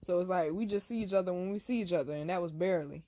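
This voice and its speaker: A woman hosting her own channel, telling a personal story to camera in blunt, profane street slang, hushed one moment and loud the next. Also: on the low side, racing. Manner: swings from hushed to loud bursts. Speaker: channel host.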